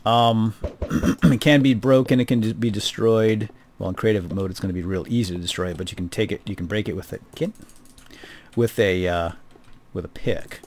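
A man's voice: fairly low pitch, normal speed, a little mellow, a little hiss or hum. A middle-aged man giving casual, wry gameplay commentary, chatting to viewers as he plays. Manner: chatty, wry, talks to viewers while playing. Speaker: gaming video host.

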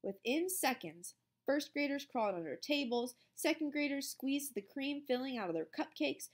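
A woman's voice: a little high, big pitch swings, normal speed, few pauses. A woman teacher reading a storybook aloud expressively, then explaining the lesson.

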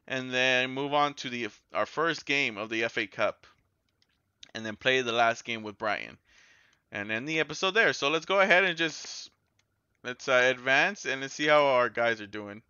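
A man giving casual, excitable gameplay commentary as a gaming YouTuber, yelling and swearing when the game goes wrong. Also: medium pitch, normal speed, clean tone, no echo, dull audio.

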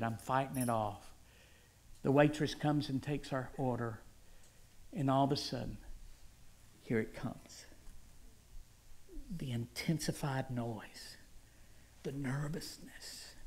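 A male guest preacher giving a sermon testimony, telling it dramatically and swinging from hushed whispers to loud cries. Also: fairly high pitch.

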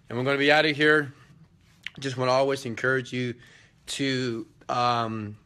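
Emphatic motivational man, bright voice. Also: medium pitch, level tone, moderate pace, clear, resonant tone. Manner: emphatic and preachy, often checks in with "okay?"; rhetorical questions, slangy asides. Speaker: motivational host answering viewer questions. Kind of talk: live casual motivational talk.

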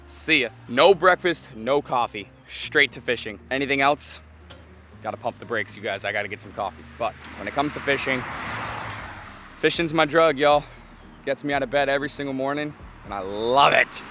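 A man's voice: mid-range voice, moderate pace, bright, forceful tone, soft background music. A young man vlogging a fishing trip outdoors by a canal, talking to an action camera and exclaiming often. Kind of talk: excited outdoor fishing vlog.

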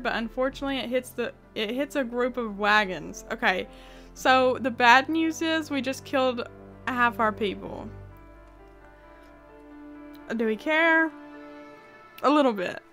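A woman's voice: high-pitched, unhurried, long pauses, fairly bright tone, faint music behind. A woman gaming YouTuber reading a text adventure aloud and reacting with frequent laughter, swearing and exclamations of disbelief.

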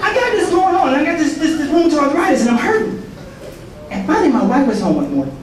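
The recording comes from a very echoey hall, with the speaker far off, faint noise, and crowd sounds. He's a soldier giving a colloquial testimony sermon at a prayer breakfast in an extremely high voice that swings widely in pitch at a quick pace, full of repeated words and asides.

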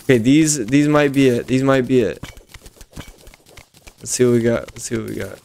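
Excitable young man gaming with a friend. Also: medium pitch, moderate pace, vocal fry, slight background noise. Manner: excitable, repeats himself, says bro. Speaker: gaming channel host. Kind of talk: casual co-op gameplay chat.

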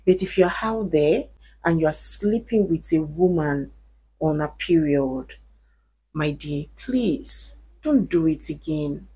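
A woman's voice: low voice, animated, slow, warm tone, slightly rough. A woman vlogger talking straight to her viewers, giving earnest advice and pleading with emphasis. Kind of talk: casual advice talk to camera.

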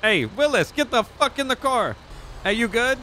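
Man, high bright voice, brash and profane, casual roleplay talk. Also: big pitch swings, moderate pace, slight background noise. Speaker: roleplay streamer playing a rich animal owner. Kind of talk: in-character roleplay chat.

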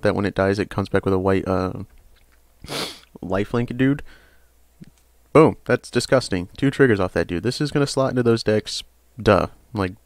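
Chatty low-voiced man reviewing cards. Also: no room sound. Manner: rambling, chatty, hesitant with frequent uhs; bursts of excited emphasis. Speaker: card game channel host. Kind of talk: casual card review.

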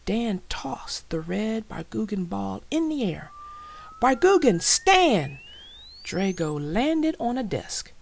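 A woman narrating a children's storybook with a slow, expressive delivery. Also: medium pitch, creaky, slight background noise. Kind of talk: reading a children's book aloud.

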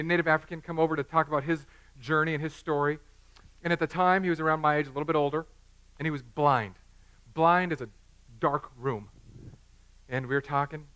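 A man's voice: a little high, bright, forceful tone, clear, resonant tone. A pastor in his thirties preaching a sermon in a church, joking and conversational.

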